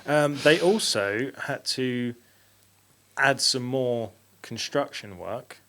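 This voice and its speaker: A man's voice: medium pitch, slow, fairly bright tone. A man hosting a paranormal podcast, laughing often as he reads out a story with mock drama. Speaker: podcast host. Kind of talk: casual chat, reading a story aloud.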